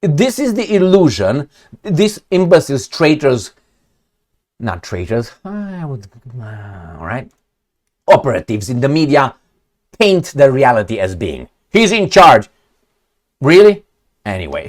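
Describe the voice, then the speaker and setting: A man's voice: mid-range voice, very animated, a little slow. A man giving ranting commentary on news clips, blunt, profane and sarcastic. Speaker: political commentator.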